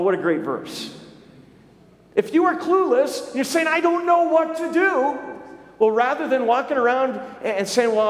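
A man with a high-pitched voice preaches a sermon, putting questions straight to his congregation. His voice rings through a large hall with a long, echoing reverb. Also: darkish tone. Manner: storytelling preacher, speaks directly to the congregation with questions. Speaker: pastor.

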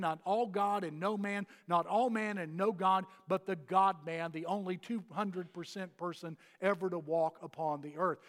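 Emphatic male preacher in a reverberant hall. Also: sits high. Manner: earnest preaching with emphatic repetition. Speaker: pastor. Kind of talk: sermon.

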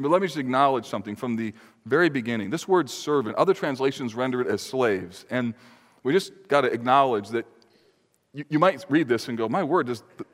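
Earnest preacher in a reverberant hall. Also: male voice, mid-range voice. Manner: earnest, emphatic preaching with sudden lifts and drops. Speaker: pastor. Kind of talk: sermon.

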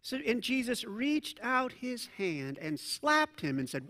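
A male pastor preaching a sermon in a conversational, animated way, with asides and self-corrections. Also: extremely high pitch, slow. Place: church sanctuary. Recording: long reverb of a large church hall.

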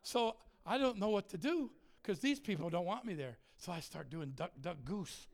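A man preaching with humor, telling self-mocking stories in an animated way and laughing often. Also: high voice, normal speed, vocal fry. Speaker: traveling preacher and musician. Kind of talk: humorous sermon storytelling.

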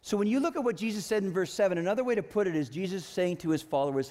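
A male pastor preaching a sermon in a church, conversational and animated, with playful asides. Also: high voice, very fast, few pauses. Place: church sanctuary. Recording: long hall reverb.

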